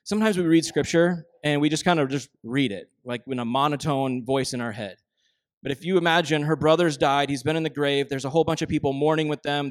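Man, 30s, pastor, conversational sermon, slightly high voice, dry close sound. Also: no room sound. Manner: conversational, plainspoken. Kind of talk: sermon with scripture reading.

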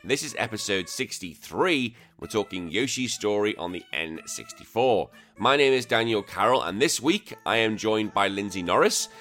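A man's voice: fairly low pitch, lively intonation, moderate pace, hardly any pauses, a bit bright, soft background music. A man from the UK hosting a retro gaming podcast, chatting casually in a jokey, self-mocking way. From United Kingdom. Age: adult with a young daughter. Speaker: podcast host.

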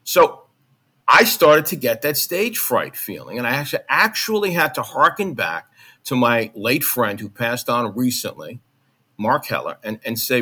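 Guest, middle-aged man, faint Long Island accent, bright forceful voice, animated storyteller. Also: unhurried, husky. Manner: animated, jumps into high mock voices when recounting. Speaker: guest, former college radio announcer. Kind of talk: conversational interview storytelling.

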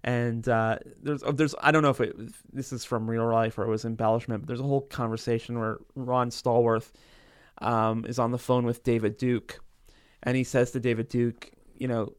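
Thoughtful man reviewing films, mid-pitched. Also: fairly even intonation, a little fast, dry recording, clean studio sound. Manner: thoughtful, hesitant, many fillers. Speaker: film reviewer and podcast host. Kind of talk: casual chat about films.

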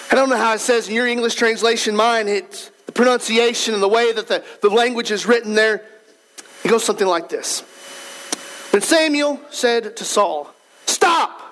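A man's voice: very high voice, moderate pace, a bit bright. A man pastor preaching a sermon, emphatic and repetitive, using rhetorical questions and reading scripture aloud.

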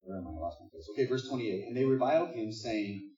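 A man's voice: fairly low pitch, lively intonation, fast, a little mellow. A man preaching a sermon in a conversational, joking way, reading scripture aloud between asides. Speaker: pastor. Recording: distant echoey dull room recording.

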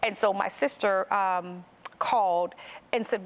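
A woman's voice: medium pitch, fairly even intonation, unhurried. A woman guest on a podcast interview, sharing her personal faith testimony in an earnest storytelling manner that strings thoughts together with "and so".

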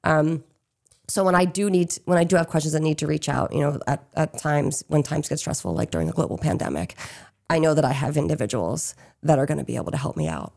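A woman's voice: sits low, fast, gravelly, darkish tone. A woman from Pennsylvania who owns a small business, answering interview questions in a chatty, casual way with frequent "um" and "you know". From Chester County, Pennsylvania.

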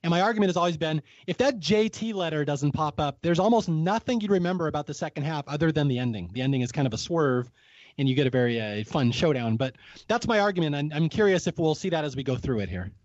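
A talkative man with a fairly high voice hosts a casual podcast chat, recapping with frequent laughs and little acted-out quotes. His voice sits dry and close, with a slightly dull, muffled tone to the recording. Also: expressive, quick pace, a little mellow, dry recording. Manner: chatty, laughs often, acts out quotes. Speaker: podcast host.

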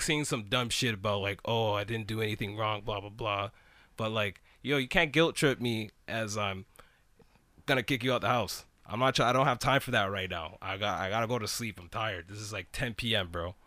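A young man telling a slang-heavy story in an animated way during a casual chat. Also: on the low side, moderate pace, dry recording.

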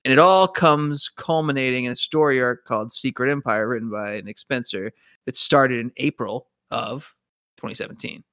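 A man of middle pitch talks in casual podcast chat, rambling and enthusiastic, and laughs now and then. The mic is close and dry, with no room sound. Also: normal speed, sharp tone, no room sound. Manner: rambling, enthusiastic, many fillers and restarts, laughs. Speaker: podcast co-host.

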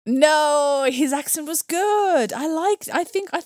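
A woman co-hosting a podcast in casual chat, chatty and animated, her pitch jumping up when she gets excited. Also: takes it slowly, no echo, studio quality. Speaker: podcast co-host.

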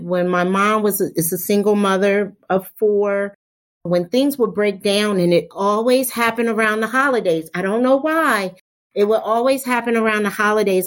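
A woman who manages a repairs program, speaking candidly and earnestly on a podcast. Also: medium pitch. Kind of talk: podcast conversation.

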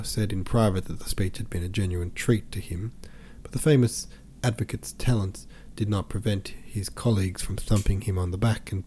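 A man reading a classic novel aloud as an audiobook, steady and measured. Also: fairly low pitch, a little hiss or hum. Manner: steady, measured, even storytelling. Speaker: podcast host and audiobook reader.

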